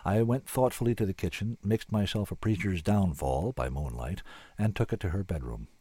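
A man's voice: low voice, moderate pace, mellow, slightly rough, dry recording. A man giving dry, wry first-person scripted narration as an audiobook narrator.

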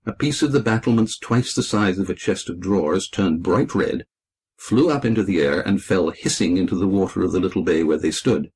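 A man narrating a children's storybook in a measured, descriptive reading. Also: low voice, a little mellow, slightly rough. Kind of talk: scripted narration.

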